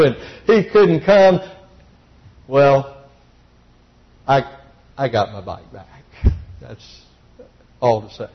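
A middle-aged male preacher with a fairly high voice tells personal stories in his sermon. He drops soft and low for the tender parts, then climbs high and fast when he acts out a scene. The recording sounds dull and lo-fi. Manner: storytelling, swings from soft and low to high and excited.

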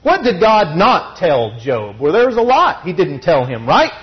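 Lively high-voiced male preacher. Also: normal speed, muffled recording, soft background music. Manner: expressive, teaching, rhetorical questions. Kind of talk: sermon.

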